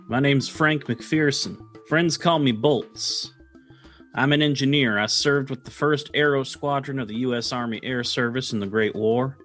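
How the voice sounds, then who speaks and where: A man's voice: medium pitch, unhurried, a bit bright, faint music behind, lightly acted. A man voicing a restless male aviation engineer and war veteran, blunt and eager in manner.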